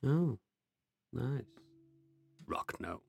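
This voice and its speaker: A man's voice: mid-range voice, big pitch swings, extremely slow, vocal fry, husky, faint music behind. A man, a player joking and reminiscing casually. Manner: jokey, wandering recollections. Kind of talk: casual chat.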